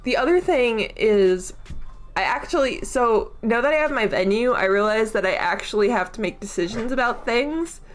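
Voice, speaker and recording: A woman's voice: fairly high pitch, expressive, normal speed. Giggly, rambling young woman streamer. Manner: giggly, rambling, laughs often. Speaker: livestreamer. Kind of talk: casual chat stream.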